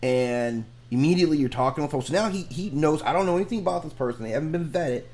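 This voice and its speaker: A man's voice: fairly high pitch, fast talker, a little mellow. A man hosting a reaction video, giving frank, rambling commentary and repeating himself as he makes his points. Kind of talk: casual commentary.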